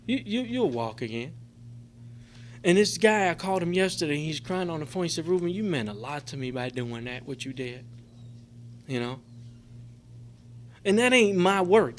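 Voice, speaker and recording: There's a little hiss or hum on the recording of this middle-aged man, whose voice is a little high. As a recovery convention speaker in a convention meeting room, he gives a profane, emotional personal testimony, rambling and filling gaps with "man" and "you know."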